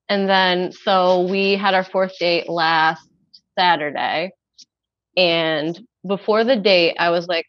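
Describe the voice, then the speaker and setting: A woman's voice: fairly low pitch, fairly even intonation, takes it slowly, no echo, highs cut off. A woman calling in for dating advice, telling her story casually and acting out her own past remarks. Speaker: caller seeking dating advice. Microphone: phone call.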